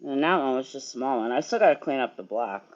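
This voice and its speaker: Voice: mid-range voice, expressive, fairly quick, highs cut off. Sleepy, profane livestreamer in a garage. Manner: rambling, profane, talks to chat while working. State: sleepy, keeps yawning. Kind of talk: casual livestream chat. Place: garage, working on furniture.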